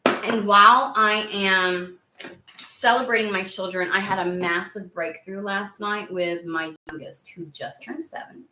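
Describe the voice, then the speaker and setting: A woman in her thirties talks casually to her viewers, rambling through her story with plenty of fillers and restarts. Her voice is bright and forward. The sound rings in an echoey room. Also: medium pitch, steady tone, a little slow, a little hiss or hum. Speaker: tarot reader and channel host. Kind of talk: casual chat to camera.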